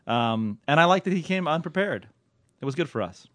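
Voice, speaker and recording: A man's voice: on the high side, expressive, a little fast, fairly bright tone, no room sound. Guy cohosting a podcast, rambly, lots of restarts, dead dry mic. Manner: rambling, full of restarts and laughs. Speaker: podcast co-host. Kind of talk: casual chat.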